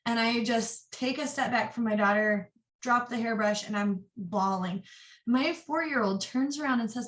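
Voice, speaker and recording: A woman in her twenties, an interview guest, sharing a personal story candidly and earnestly, in quick bursts. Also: on the high side, a bit bright. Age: 20s. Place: office. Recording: roomy echo, distant mic.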